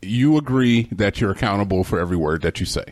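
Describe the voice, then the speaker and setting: A man's voice: on the low side, animated, fast, a little mellow, dry recording, clean studio sound. A man co-hosting a podcast, laying out his view step by step in a casual chat. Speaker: podcast co-host.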